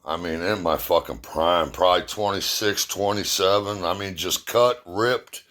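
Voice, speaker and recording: A man's voice: low voice, unhurried, fairly bright tone. A middle-aged man casually telling rambling, profane, self-mocking stories and jokes to his viewers. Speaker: vlogger. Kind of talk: casual storytelling.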